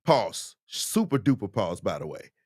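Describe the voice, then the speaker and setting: A man's voice: fairly low pitch, measured pace, no echo, studio quality. A man hosting a casual Q&A livestream, talking emphatically and animatedly about music and dating. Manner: animated, emphatic, preachy asides. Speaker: host, musician.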